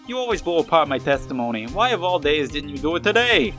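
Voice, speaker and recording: A man's voice: fairly high pitch, very animated, quick pace, fairly bright tone, faint music behind. A man voicing a bumbling, earnest male police detective, stammering and calling people "pal". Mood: dejected. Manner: stammering, ends lines with "pal". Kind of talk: reading game dialogue aloud.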